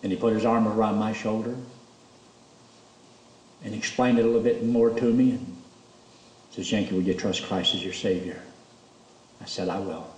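Male preacher, lively storyteller, roomy church sound from a distance. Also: normal speed, pauses often. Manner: storytelling, animated, rises high when emotional. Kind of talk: sermon testimony.

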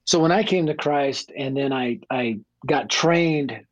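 A man from Denver, a guest evangelist and author, telling his life story in a radio interview with blunt, animated energy. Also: medium pitch, unhurried, no room sound, low-quality recording. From Denver, United States.

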